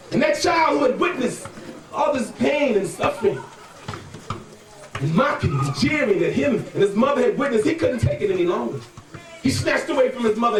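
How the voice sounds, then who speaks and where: A male storyteller with a very high-pitched voice performs a folk tale live, building rhythm and calling out for his audience to answer. The sound is roomy and echoing, caught from a distance. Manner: dramatic, rhythmic call-and-response with listeners. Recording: echoey room, voice from far off.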